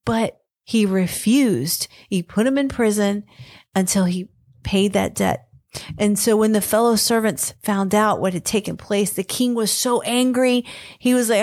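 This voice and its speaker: A woman's voice: a little high, unhurried, darkish tone, no echo, studio quality. A woman giving an earnest devotional Bible teaching, retelling scripture in plain words with small fillers. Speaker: podcast co-host teaching on scripture.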